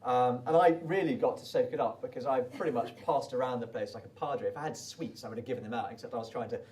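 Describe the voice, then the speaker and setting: British man, casual storytelling, fast talker, warm mellow voice, recorded from a distance. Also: mid-range voice. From Britain. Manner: chatty, rambling with many restarts. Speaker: desert race runner. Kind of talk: casual spoken recollection.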